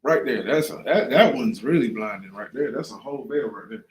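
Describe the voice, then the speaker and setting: A man's voice: medium pitch, expressive, fairly quick, a little hiss or hum. Conversational man in an echoey room. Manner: conversational, often asks "right?" and "you know what I'm saying?". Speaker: class leader. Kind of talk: casual bible class.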